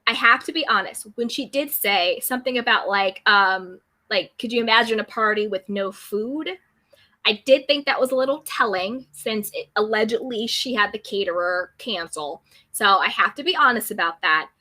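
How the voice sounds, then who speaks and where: A woman's voice: mid-range voice, normal speed, bright, forceful tone. A woman hosting a casual live chat, reading viewer comments aloud and answering them. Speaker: YouTube recap host reading live chat.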